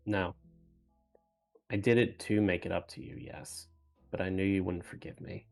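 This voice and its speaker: A man with a fairly low voice playing a tabletop role-playing game. He speaks quietly and in a laid-back way. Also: fairly even intonation, moderate pace, creaky, faint music behind. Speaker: player. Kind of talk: casual tabletop role-play.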